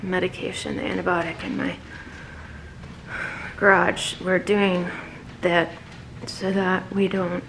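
A woman recording a casual personal vlog at home while she is sick, with a runny nose and a sore chest. She talks softly and often drops to a whisper. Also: lowish voice, flat delivery, takes it slowly, vocal fry, pauses often, slight background noise, poor audio. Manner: soft-spoken, often dropping to a whisper. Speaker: vlogger. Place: at home, indoors.

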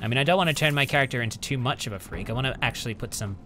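A man's voice: mid-range voice, rapid-fire, noisy background. A man giving casual let's-play commentary at his home computer, chatting as he reads out item stats and mutters at enemies. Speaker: gaming channel host.

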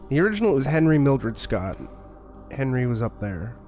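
A man's voice: medium pitch, sing-song, normal speed, darkish tone, soft background music. A man streaming a horror game in casual commentary, blunt and profane, often muttering to himself.

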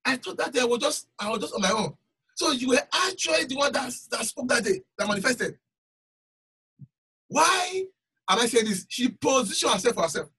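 Male preacher, raspy bright voice, emphatic repetition, recorded from a distance. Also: very high-pitched, fast. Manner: emphatic, repeats phrases for stress. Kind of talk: sermon with personal testimony.

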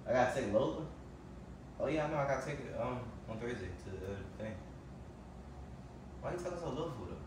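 A man repeatedly demanding to be heard, his voice loud and irritated. He sounds well off from the mic in an echoey room. There is steady background noise behind him. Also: medium pitch, fast talker, pauses often. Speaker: prank video co-host. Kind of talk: casual chat. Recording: roomy distant phone recording with background noise.

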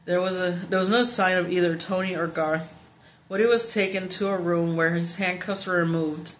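A woman reading a children's novel aloud in steady, plain narration, now and then stumbling on a word and correcting herself. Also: lowish voice, normal speed, slight background noise. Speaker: audiobook reader.

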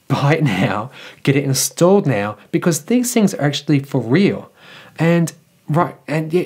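Brief: Australian male vlog host, husky voice, chatty and jokey news delivery. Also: a little high, darkish tone. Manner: chatty, jokey, enthusiastic asides. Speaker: electric vehicle news host.

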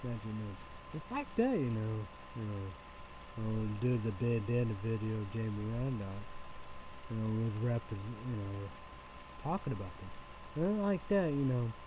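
A man's voice: lowish voice, lively intonation, measured pace, background noise. A man talking in a loose, rambling vlog, circling back on himself and swearing freely. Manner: rambling, repetitive, with frequent swearing. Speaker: vlogger.

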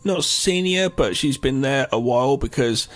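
A man's voice: mid-range voice, lively intonation, moderate pace, a bit bright. A man co-hosting a podcast, chatty and joking, jumping in with asides. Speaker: podcast co-host. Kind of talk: casual film review chat.

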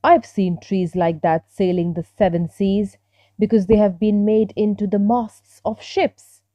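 A woman's voice: mid-range voice, fairly even intonation, unhurried, dark tone, no echo, lightly acted. A woman voicing a friendly, wise old stork in a children's story, kindly and advising. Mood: knowing.

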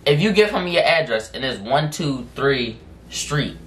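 A man casually telling a story on his vlog in slangy, profane speech, full of fillers and drawn-out phrases. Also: mid-range voice, expressive, a bit bright, a little hiss or hum. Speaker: storytime vlogger. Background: music in the background.

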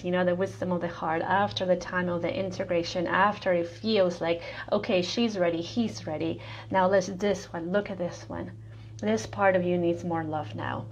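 A woman giving a casual spiritual talk in a live stream, speaking intimately and at times softly near a whisper, with loose fillers and the odd swear word. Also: fairly low pitch, dull audio, a little hiss or hum. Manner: casual, swears, fillers like "you know" and "right". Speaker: spiritual teacher.

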